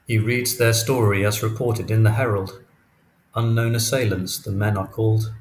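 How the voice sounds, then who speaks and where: A man reading a novel aloud as audiobook narrator, in a steady, even reading. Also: fairly low pitch, moderate pace. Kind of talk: scripted narration. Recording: echoey room, faint noise.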